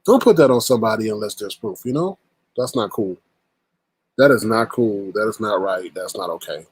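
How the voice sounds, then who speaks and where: A man's voice: lowish voice, animated, normal speed, slight background noise. A man hosting a casual commentary show who narrates over clips and drives each point home by repeating it. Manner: emphatic, repeats his points. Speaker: commentary host.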